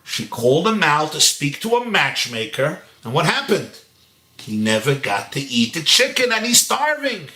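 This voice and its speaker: A rabbi telling a story in a sermon, acting out the voices of the people in it. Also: male voice, fairly high pitch, big pitch swings, normal speed, sharp tone, roomy sound. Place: home.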